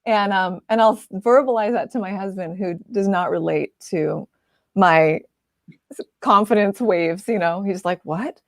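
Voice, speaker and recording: A woman artist chatting casually as an interview guest, animated and quick to laugh, with lots of fillers. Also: mid-range voice, no room sound, clean studio sound. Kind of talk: casual conversational chat.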